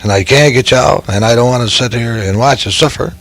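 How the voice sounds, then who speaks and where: A man's voice: mid-range voice, brisk, close to an everyday voice, rough recording. An older man voicing a desperate aging male duck hunter who talks in an earnest, grave way, within a dictated story.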